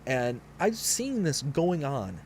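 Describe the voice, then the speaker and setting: Streaming a game, a host around thirty spins a meandering, talkative story full of restarts. His slightly high voice is very animated yet slow, a little mellow, with some background hiss or hum.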